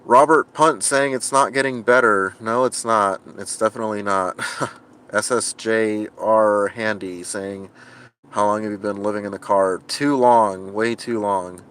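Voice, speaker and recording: A man's voice: fairly low pitch, fairly even intonation, moderate pace, a bit bright, clean tone. A man live-streaming from inside his car, reading viewer comments and rambling with frustration, often restarting his sentences and laughing at himself. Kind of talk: casual livestream chat.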